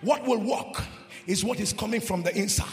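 A man preaching a charismatic sermon, shouting in a sing-song cadence, leading the congregation in repeated calls and speaking in tongues, with frequent "uh" between phrases. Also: sits high, moderate pace, gravelly.

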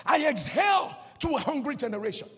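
A man preaching a charismatic sermon, shouting in a sing-song cadence, leading the congregation in repeated calls and speaking in tongues, with frequent "uh" between phrases. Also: very high-pitched, sing-song, fairly quick.

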